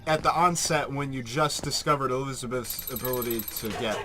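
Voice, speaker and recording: A man's voice: mid-range voice, brisk, bright, forceful tone, soft background music. A man giving casual, rambling Let's Play commentary, joking and swearing freely. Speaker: game commentator.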